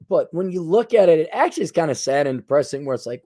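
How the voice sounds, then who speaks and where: A man's voice: on the high side, big pitch swings, quick pace, few pauses, dark tone. A man hosting a solo commentary monologue, lecturing in a sarcastic, mocking way. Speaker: commentary channel host.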